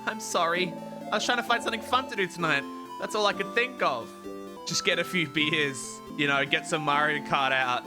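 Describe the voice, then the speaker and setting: A man voicing a shy, earnest young woman companion who talks softly and hesitantly, apologizing often. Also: a little high, moderate pace, close to an everyday voice. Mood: sheepish. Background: game music.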